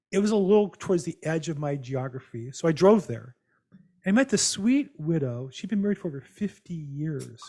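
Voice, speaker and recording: A man hosting a real estate call, telling animated, rambling stories with many restarts over a video call. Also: fairly high pitch. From United States. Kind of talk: casual storytelling on a video call.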